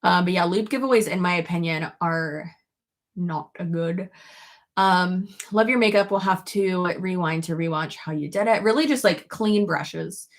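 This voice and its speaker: Woman, young adult, casual vlog chat, gravelly fry, slightly low voice, profane, giggly. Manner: chatty and profane, giggly asides. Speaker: beauty YouTuber.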